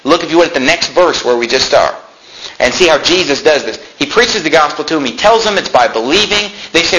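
A man preaches with a bright, ringing tone that sits a little high for a man. He reads scripture aloud and tells animated stories, slipping into the voices of the people in them. A faint hiss of noise runs under his voice. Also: fairly quick, low-quality recording. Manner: animated storytelling, acts out voices in anecdotes; reads Bible verses in King James wording. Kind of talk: sermon.

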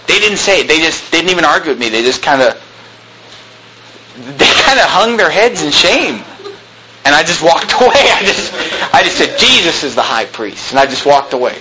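A male pastor preaches with a lively, swooping delivery, his voice pitched a little high and ringing bright. He tells stories animatedly, acts out both sides of conversations and slips in sarcastic jabs. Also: moderate pace, poor audio. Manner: animated storytelling, quoting dialogue, sarcastic asides. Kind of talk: preaching sermon with anecdotes.

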